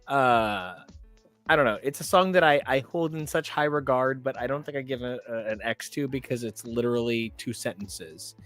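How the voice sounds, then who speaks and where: A man co-hosting a podcast in casual chat, rambling and silly with frequent restarts and loud, high laughter. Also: clear, resonant tone, dry recording. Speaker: podcast co-host.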